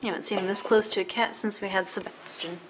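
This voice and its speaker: A woman's voice: mid-range voice, steady tone, fast talker, noisy background. A woman filming her young son at home, narrating and coaxing him and a cat in a sing-song voice. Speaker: mother filming her child. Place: at home with a couch.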